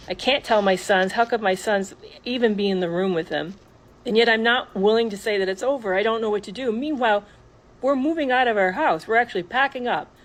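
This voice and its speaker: A woman telling a personal story in an earnest, halting way, with many restarts. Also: medium pitch, rough recording.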